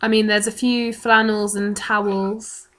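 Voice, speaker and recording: A woman's voice: mid-range voice, little pitch movement, a little slow. Woman narrating as dungeon master. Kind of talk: narrating a tabletop game.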